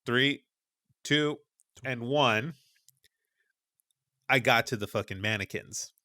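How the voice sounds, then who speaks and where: A man's voice: medium pitch, takes it slowly, pushed and bright, no echo, studio quality. A man on a gaming podcast, casually and animatedly retelling a scary play session, swearing as he goes. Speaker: podcast host.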